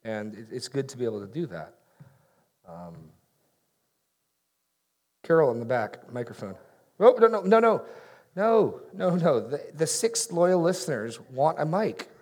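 Preaching in a relaxed, conversational style, this middle-aged male pastor jokes at his own expense and performs little bits of dialogue during a sermon that includes audience questions. His mid-range, darkish voice swings widely in pitch, and he moves at a measured pace with long pauses.

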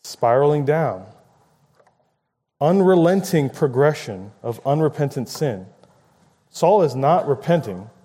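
A man's voice: a little high, expressive, takes it slowly, long pauses, dark tone, breathy edge. A man preaching a conversational sermon, paraphrasing scripture and acting out quoted lines with rising emphasis.

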